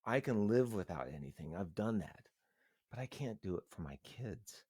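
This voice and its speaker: Deep-voiced man talking earnestly. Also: expressive, a little mellow, husky, dry recording. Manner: earnest, halting, rambling with restarts. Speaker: live streamer. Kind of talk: casual emotional live-stream talk.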